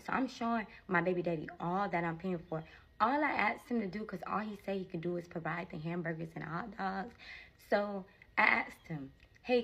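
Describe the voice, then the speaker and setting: A young woman telling a personal story to her followers in a chatty, animated way, often talking to them directly. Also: mid-range voice, creaky, slightly rough. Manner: animated, chatty, often addresses viewers as y'all. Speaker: storytime creator.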